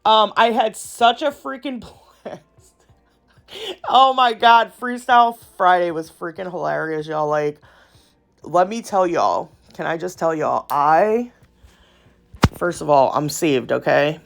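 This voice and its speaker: A woman's voice: lowish voice, takes it slowly, vocal fry, long pauses. A woman hosting a nail art channel, telling stories in a rambling, chatty voiceover, laughing often and calling her viewers y'all. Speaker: nail art YouTuber and host.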